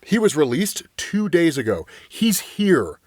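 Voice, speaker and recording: A man's voice: on the high side, very animated, unhurried, a little mellow, no echo, clean studio sound. A man reading a scheming crime boss. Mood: calm.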